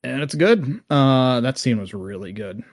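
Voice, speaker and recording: A man's voice: mid-range voice, animated, a little slow, no echo, clean studio sound. A man hosting a podcast, talking in a loose, rambling way with many ums. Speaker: podcast host. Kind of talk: casual podcast chat.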